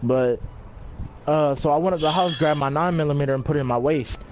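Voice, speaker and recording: A man's voice: fairly high pitch, brisk, noisy background. A man telling a long story in casual chat, rambling with many fillers and plenty of swearing.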